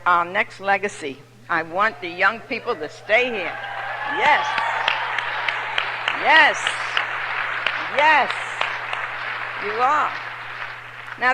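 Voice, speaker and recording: An older woman from New York with a New York accent, telling her personal story to an audience as a recovery meeting speaker, lively and humorous. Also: medium pitch, slight background noise. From New York City. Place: large meeting hall. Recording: echoey hall recording.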